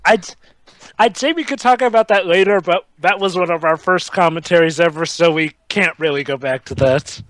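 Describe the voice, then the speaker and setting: A man's voice: a little high, a bit bright, no room sound. A man co-hosting a casual movie commentary in a playful, joking way. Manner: playful, quick to joke. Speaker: podcast co-host.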